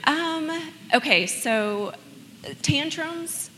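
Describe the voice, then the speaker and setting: Bright-voiced woman telling parenting stories. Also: high voice, extremely slow, long reverb tail, a little hiss or hum. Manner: laughing, animated storytelling. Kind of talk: casual chat.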